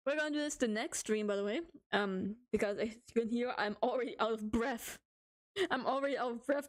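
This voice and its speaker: A woman streamer reading horror stories to her chat, joking, giggling and swearing a lot. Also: fairly high pitch.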